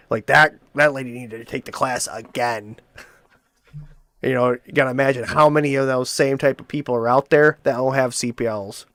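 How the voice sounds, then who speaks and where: A man's voice: mid-range voice, steady tone, a little fast, vocal fry, fairly bright tone, no room sound, clean studio sound. A male host rambling in casual chat, swearing and restarting his sentences often.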